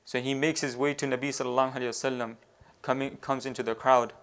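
A man preaching a storytelling sermon, halting often with fillers and restarts and weaving in devotional phrases. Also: medium pitch, flat delivery, a bit bright, clean tone. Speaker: Islamic preacher.

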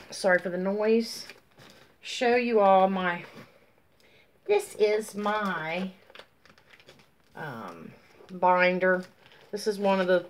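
A woman chatting casually as she shows off craft mail, gushing and drawn-out, sleepy and yawning. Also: mid-range voice, a little hiss or hum. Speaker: craft vlogger. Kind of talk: casual show-and-tell chat.

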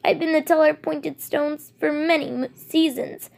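A woman reading the part of an old white she-cat, a wistful stone teller, speaking softly with sighs. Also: sits high, fairly even intonation, moderate pace, vocal fry, pitched above the performer's own voice. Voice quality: soft, sighing delivery.

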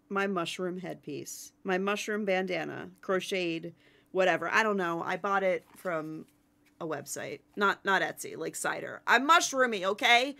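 Chatty woman in her 30s wrapping up a game stream, bright tense voice, lots of ums. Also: mid-range voice, vocal fry. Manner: bubbly and chatty, with many fillers. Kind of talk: casual live-stream chat.

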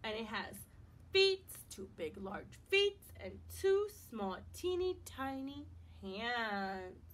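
A woman's voice: a little high, sing-song, a bit bright. Sing-song preschool teacher woman. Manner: sing-song, exaggerated and encouraging, spelling words out slowly. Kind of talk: online circle-time lesson for young children.

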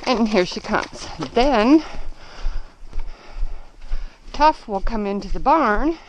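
Slow-talking, out-of-breath woman on a farm. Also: mid-range voice, lively intonation. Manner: coos in a baby voice to animals. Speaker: vlogger doing farm chores. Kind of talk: casual vlog narration. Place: outdoors on a muddy farm with horses. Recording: clear background noise outdoors.

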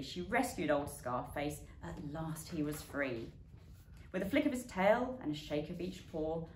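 A woman reads a rhyming bedtime story with a lively, swooping voice, acting out the animal noises as she goes. Her voice is mid-pitched and rings in an echoey room, with a faint hum of noise behind her. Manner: lively storyteller who yowls and barks the animal sounds. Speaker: club executive reading a bedtime story. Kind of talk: bedtime story reading aloud.

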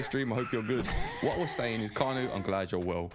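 Chatty man streaming a game, low voice. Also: normal speed, slight background noise. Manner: rambling, chatty, greets viewers by name. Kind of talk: live gameplay commentary.

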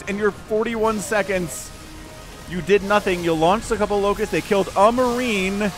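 A man doing video game commentary, animated and incredulous, laughing often and turning sarcastic. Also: high-pitched, normal speed, faint music behind. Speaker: game caster.

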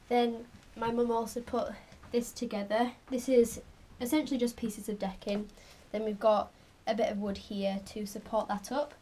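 A woman's voice: on the high side, little pitch movement, moderate pace, hardly any pauses, dark tone. A young woman chatting casually in a pet vlog, cooing now and then at her animals. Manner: chatty, coos at her pets. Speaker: vlogger.

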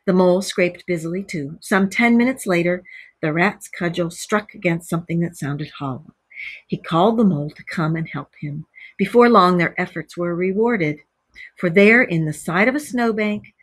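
A woman teacher reads a storybook aloud to children and stops to explain words patiently. Her voice is slightly husky. The sound is dry, with no room echo. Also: fairly low pitch, moderate pace.

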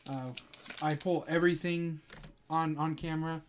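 A man hosting a casual card-pack opening vlog at home, chatting to his viewers and bursting into excited shouts at big pulls. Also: normal speed, a little hiss or hum. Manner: excitable, breaks into high-pitched shouts over good pulls; keeps addressing viewers as "guys". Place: at home with a dog in the room.

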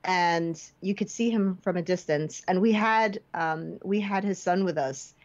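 A woman guest on a casual podcast, telling an animated story and acting out the quotes. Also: a little slow. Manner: animated storyteller, acts out quotes with high pitch jumps. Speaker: guest filmmaker. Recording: slightly dull lo-fi podcast audio.

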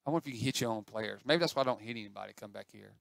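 A man's voice: on the low side, very fast, vocal fry, no room sound, studio quality. A man giving chatty, self-mocking commentary as he plays an online game, talking to the other players on screen. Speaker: gaming channel host. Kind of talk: casual gameplay commentary.

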